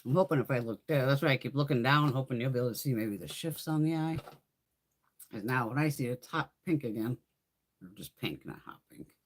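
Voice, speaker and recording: A woman's voice: rumbling low, lively intonation, fairly quick. A woman hosting a live beauty stream, chatting casually while trying on makeup, laughing often and swearing freely. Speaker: beauty livestream host. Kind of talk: casual chat during makeup try-on.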